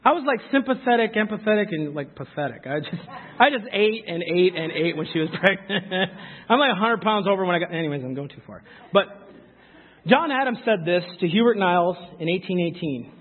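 High-voiced preacher in a reverberant hall. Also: male voice, brisk, slightly rough. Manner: animated, talks with asides to the congregation. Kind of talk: sermon. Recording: phone-like sound with long hall reverb.

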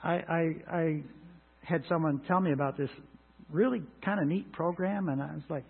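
A middle-aged man preaching a sermon in an earnest way, rising to emphatic lines and dropping to quiet asides. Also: on the high side, fairly quick, creaky, breathy edge, phone-quality sound. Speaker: pastor.

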